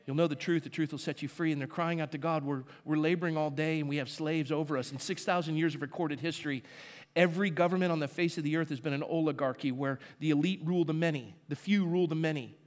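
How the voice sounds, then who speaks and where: Male pastor, fairly high voice, chatty sermon delivery with rhetorical questions. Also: fairly even intonation, fast talker. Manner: conversational preaching with rhetorical questions; asides to the congregation.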